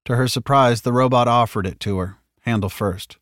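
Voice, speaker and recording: A man narrating a science fiction audiobook in a steady, measured way. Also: medium pitch, no echo, studio quality.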